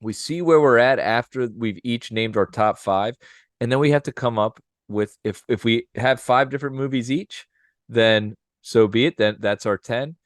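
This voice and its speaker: A man's voice: mid-range voice, normal speed, no echo. Upbeat man, dry close sound. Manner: upbeat, laughs often, does playful impressions. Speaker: podcast co-host. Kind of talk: casual chat.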